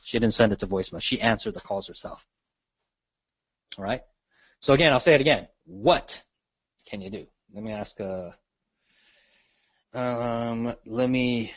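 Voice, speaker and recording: A man with a mid-range voice leads a live real estate marketing training call, recorded with no room sound. He teaches conversationally, repeating questions and checking in with the group after nearly every point with plenty of "right?" and "okay?".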